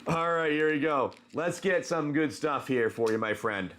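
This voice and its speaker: Casual male stream host, fairly high-pitched, chatty and friendly with viewers, loose and full of fillers. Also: lively intonation, moderate pace, fairly bright tone, slight background noise. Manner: chatty, greets viewers by name, many fillers. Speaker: live stream host opening card packs. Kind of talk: casual live stream chat.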